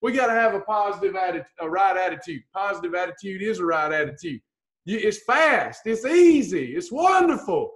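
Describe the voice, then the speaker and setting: A woman's voice: mid-range voice, sing-song, moderate pace. A woman gives a blunt, folksy motivational talk as a weight-loss coach and teases her listeners with pet names.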